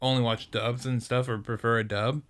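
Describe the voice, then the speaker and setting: A young man co-hosting a podcast in casual chat, giving relaxed, brief replies. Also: mid-range voice, moderate pace. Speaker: podcast co-host.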